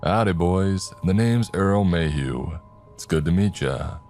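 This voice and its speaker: A man voicing a folksy aging flea-market owner in a cowboy hat, speaking in a slow, wistful drawl. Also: low voice, lively intonation, a little mellow, faint music behind, heavily acted. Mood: welcoming.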